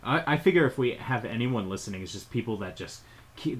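A man's voice: mid-range voice, expressive, fairly quick, poor audio. A man co-hosting a wrestling podcast, rambling in a laid-back, playful way. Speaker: podcast co-host. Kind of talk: casual chat.

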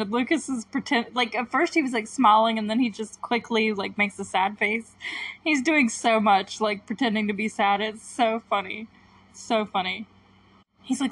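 A woman's voice: fairly high pitch, moderate pace, a bit bright, breathy edge, dry recording, low-quality recording. A young woman hosting a podcast, chatting casually and giggling as she retells scenes and quotes the characters' lines. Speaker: podcast host recapping a TV episode. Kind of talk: casual chat.

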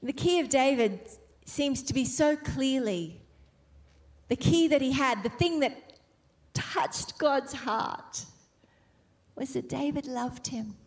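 A woman preaching a sermon with fervent delivery, slowing and softening on key phrases, then building to emphatic exclamations. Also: high-pitched.

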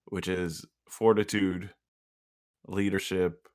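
A man's voice: deep voice, level tone, slow, a little mellow. A man in easygoing comedic chat, laid-back and hesitant, laughing often and trailing off with fillers.

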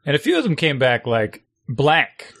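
Exasperated middle-aged dad chatting. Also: male voice, fairly high pitch, normal speed. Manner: exasperated, animated storytelling. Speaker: parent. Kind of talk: casual chat.

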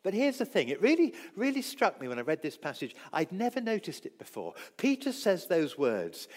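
Man preaching, high and animated voice, acts out quotes and drops to a hush, long hall echo. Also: normal speed, hardly any pauses. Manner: acts out quoted voices, swings loud and soft. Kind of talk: sermon.

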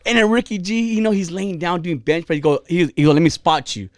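A man's voice: high-pitched, fast talker, clean tone, dry recording, clean studio sound. A man hosting a casual podcast, telling a crude story with lots of joking. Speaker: podcast host.

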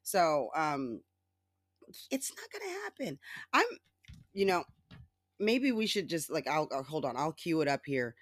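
A podcast host ranting casually about politics alone, sarcastic and profane, laughing often and mimicking others in exaggerated high voices. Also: expressive, measured pace, fairly bright tone, no room sound, studio quality. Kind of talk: casual solo political rant.

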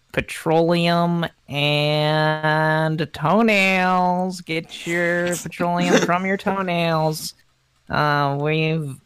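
A man doing a slow deadpan spokesman. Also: clear, resonant tone, no room sound. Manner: slow, straight-faced promotional pitch. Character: deadpan male district spokesman.

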